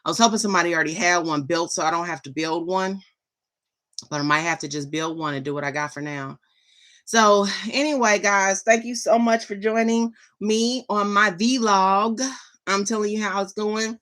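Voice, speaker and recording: A woman's voice: medium pitch, normal speed, a bit bright. A middle-aged woman vlogging in a rambling, chatty and enthusiastic way. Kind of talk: casual chat.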